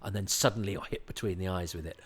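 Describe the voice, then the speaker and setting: A deep-voiced man gives casual commentary on a classic TV serial, chatty and halting, and breaks into acted-out quotes.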